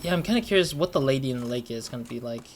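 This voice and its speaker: A young man casually commenting on his game, excitable and rambling, with many fillers. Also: mid-range voice, racing. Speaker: gaming channel host. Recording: noisy home recording with game audio behind.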